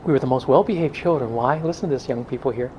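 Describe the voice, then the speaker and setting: A man's voice: medium pitch, fast, a little mellow, slight background noise, rough recording. A middle-aged male pastor giving a blunt, joking talk to a men's group, now and then mimicking excuses in a whiny voice.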